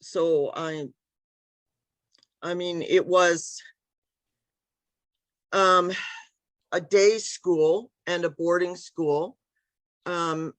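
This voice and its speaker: A woman's voice: fairly low pitch, steady tone, extremely slow, pauses often, no room sound. Rambling woman author on a video call. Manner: meandering, hesitant, many ums and restarts. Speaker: author and interview guest. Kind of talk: casual conversational interview.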